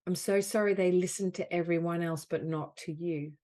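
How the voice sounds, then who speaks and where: A woman leading a guided healing session as a soul mentor on a group call. She speaks in slow, soothing, repeated phrases. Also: lowish voice, fairly even intonation, warm tone. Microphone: video call.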